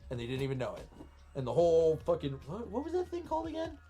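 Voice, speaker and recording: A man's voice: a little high, fast, slightly rough, faint music behind. A man co-hosting a podcast, chatting casually with lots of swearing and restarts. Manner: profane, animated, rambling with restarts. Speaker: podcast co-host. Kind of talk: casual chat.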